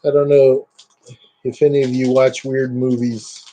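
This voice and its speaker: A man with a dark, mid-range voice keeps his pitch fairly flat and his pace measured. He's a collector showing off his items in a casual show-and-tell chat, rambling enthusiastically and using lots of fillers.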